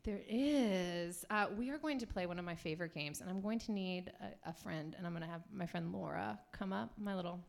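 A woman's voice: lowish voice, fairly quick, vocal fry, hardly any pauses. A woman in her thirties co-hosting a live comedy podcast on stage, joking playfully with her co-host. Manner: playful, silly, puts on a mock Russian accent in a bit. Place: comedy club stage before a live audience. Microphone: handheld stage microphone.

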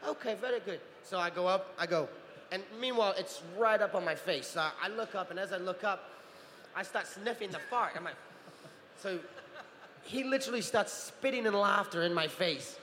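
Animated man telling stories in a hall. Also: sits high, moderate pace. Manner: animated storyteller, acts out voices, laughs often. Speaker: convention panel guest, actor. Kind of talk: storytelling Q&A on stage. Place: convention hall stage. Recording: roomy hall reverb with faint crowd noise.

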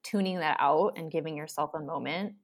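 A woman's voice: deep voice, brisk. A woman hosting a podcast in casual chat, reflectively summing up what was discussed. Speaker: podcast host.

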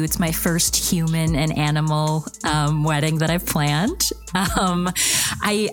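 A woman's voice: on the low side, natural voice. A woman playing a touchy, combative amateur wedding officiant in an improv comedy scene, hesitant and full of filler words. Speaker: improv performer.

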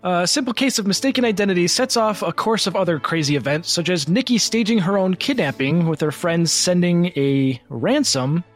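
A man's voice: sits high, normal speed, few pauses, faint music behind. A man reading a silly plot summary aloud to friends, often breaking into laughter as he goes. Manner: reads with rising giggles, breaks into laughter.

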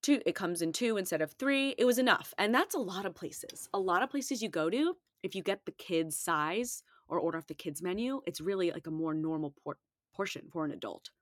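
A woman's voice: fairly low pitch, expressive, a little fast, no echo, studio quality. A woman dietitian hosting her own show, chatting emphatically and casually while rattling off numbers. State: out of breath. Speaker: dietitian podcast host. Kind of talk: casual solo talk.

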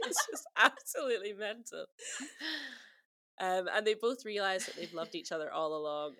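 A bright, forward-sounding woman from the UK talks through a film in loose, animated podcast chat. She laughs easily and jumps in pitch when something amuses her. The sound is dry and close, with no room around it. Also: no room sound. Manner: animated, laughs often, quotes film lines in put-on voices. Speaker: podcast co-host. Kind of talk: casual chat.

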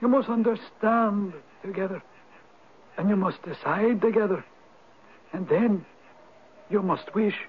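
An actor playing a mysterious old male spirit, a Viking turned Irish, in a 1970s radio drama. He speaks with an Irish accent in a husky, solemn and knowing way. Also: sits high, measured pace, long pauses. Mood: wise, teasing. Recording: narrow, tinny old radio broadcast.

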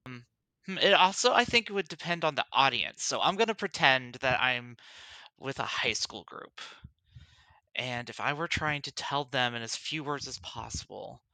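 A man chatting casually on a podcast, relaxed and laughing while he talks. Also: mid-range voice, normal speed, dry recording. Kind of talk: casual chat.

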